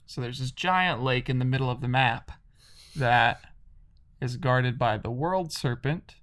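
A man's voice: medium pitch, unhurried, a bit bright. Rambling man retelling a story. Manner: rambling, lots of fillers like "like". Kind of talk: casual chat, retelling a game's story.

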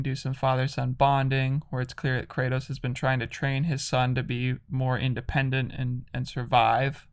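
A man's voice: mid-range voice, a bit bright, clean tone. A man casually retelling a video game's story, rambling with lots of "like".

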